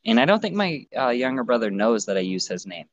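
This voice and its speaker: A man hosts a casual podcast and jokes bluntly and crudely with his co-host. His voice sits at an ordinary middle pitch. The recording sounds dull and lo-fi. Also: sing-song, brisk, vocal fry.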